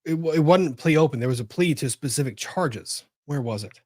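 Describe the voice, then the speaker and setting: A man's voice: a little high, animated, fairly quick, a little mellow, no echo, studio quality. A man hosting a live legal commentary show, thinking aloud, exclaiming and swearing as he reacts.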